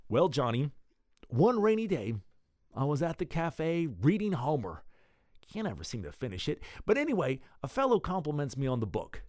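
A man's voice: a little high, wildly swooping pitch, moderate pace, darkish tone, no echo, clean studio sound, voice pushed up. A man voicing a chatty older father held captive, telling his story in a rambling, folksy way.

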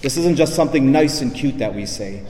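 Priest preaching in an echoey church. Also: male voice, expressive, a little fast. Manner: emphatic preaching, drops low and soft for weight. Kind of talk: sermon.

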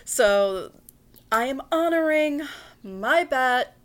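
Brash, high-voiced woman podcast host. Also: expressive. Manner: brash, profane, quick and joking, often laughing. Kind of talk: casual podcast monologue.

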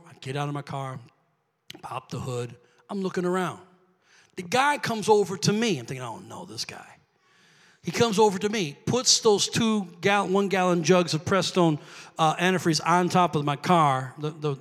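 A man preaching a sermon, telling a story quietly and then building to loud shouted calls to the congregation, recorded in a church sanctuary. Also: high voice. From grew up Pentecostal. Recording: long hall reverb.

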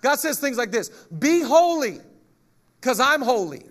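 A male pastor preaching a lively sermon, joking with the congregation and reading scripture aloud. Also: very high voice, brisk.

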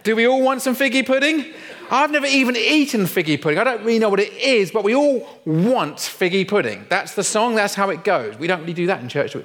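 A middle-aged man delivers a light-hearted sermon in a fairly high voice. He tells stories with playful, self-mocking humour. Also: big pitch swings, fairly quick, a bit bright. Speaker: pastor. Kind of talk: humorous sermon.

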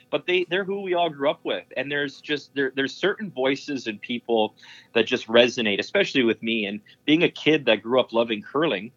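A man's voice: medium pitch, a bit bright, no echo, dull audio. A man working as a sports broadcaster, telling stories in an interview in an enthusiastic, rambling way, full of fillers and restarts. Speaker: curling broadcaster. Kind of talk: casual anecdote telling in an interview.

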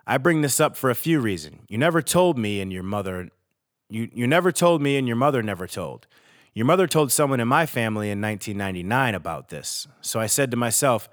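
A man in his thirties, a podcast host, reading a personal letter aloud in a steady, earnest way with pauses. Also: mid-range voice, no echo, studio quality.

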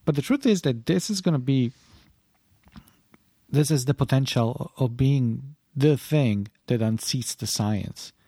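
A man who teaches philosophy chats casually on a podcast over a video call, rambling and thinking aloud in a deep morning voice. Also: expressive, a little slow, warm tone, slightly rough, dry recording, clean studio sound.

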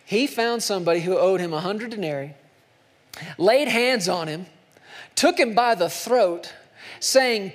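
High-voiced impassioned preacher in a reverberant hall. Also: male voice, lively intonation, a little slow, long pauses. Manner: impassioned, swings between soft hushed lines and loud climbs. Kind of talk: sermon.

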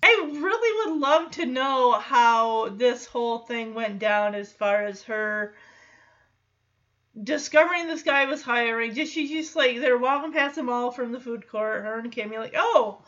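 A woman casually recapping a show episode, animated and often laughing, acting out the characters in quick asides. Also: a little high. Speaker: recap commentator. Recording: lo-fi muffled audio.

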